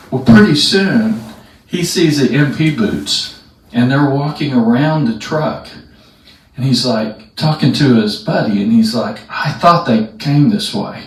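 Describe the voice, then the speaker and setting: A man doing stand-up, telling a story and acting out the characters' shouts. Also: medium pitch, heavy reverb, distant mic, rough recording. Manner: animated, acts out characters' shouts. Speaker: stand-up comedian. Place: live comedy venue.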